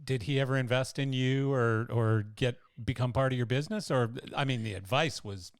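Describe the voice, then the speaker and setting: A man hosting a podcast, reacting briefly and asking quick follow-up questions in a casual chat. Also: medium pitch, clear, resonant tone, no echo, clean studio sound. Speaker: podcast host.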